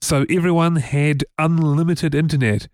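NZ male co-host, casual rambling talker, slightly high tone, dry close sound. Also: steady tone, moderate pace, dry recording. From New Zealand. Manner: chatty, rambling, many fillers. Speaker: podcast co-host. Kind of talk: casual tech podcast chat.

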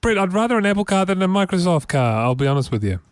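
Chatty Kiwi man with a higher voice. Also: sing-song, fast, no room sound, studio quality. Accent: New Zealand. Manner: chatty, laughs often, rambling. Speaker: podcast co-host. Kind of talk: casual tech podcast chat.

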